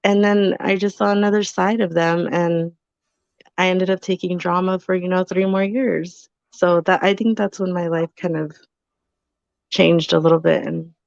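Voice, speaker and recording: Gravelly-voiced woman co-hosting a podcast. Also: on the low side, normal speed, no room sound, highs cut off. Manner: chatty, animated storytelling with lots of fillers. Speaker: podcast co-host. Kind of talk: casual live podcast chat.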